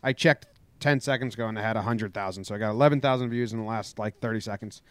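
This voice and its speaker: A man co-hosting a podcast, retelling a baseball dispute in casual chat and acting out the shouting. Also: lowish voice, fast, clear, resonant tone, no room sound. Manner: animated storytelling, acts out shouted quotes. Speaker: podcast co-host.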